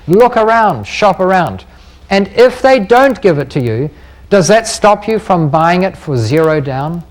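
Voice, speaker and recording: High-voiced man giving a persuasive seminar. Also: animated, moderate pace. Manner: bold, persuasive, asks the room many rhetorical questions. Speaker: seminar speaker on property investing. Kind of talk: live seminar talk to an audience.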